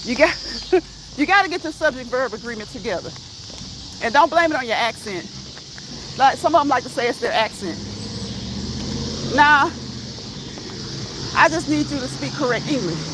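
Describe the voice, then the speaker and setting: Woman, fairly high voice, casual walking chat, teasing, laughs a lot, outdoor noise with insects. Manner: chatty, teasing, laughs often. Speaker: vlogger on a live walking stream. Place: outdoors in a rural area, walking uphill.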